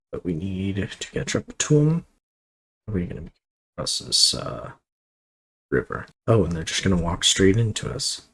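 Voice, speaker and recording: A man's voice: sits low, creaky, fairly bright tone, slight background noise, poor audio. A man casually commenting on his strategy game as he plays, thinking aloud and rambling with fillers and asides. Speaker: gameplay commentator.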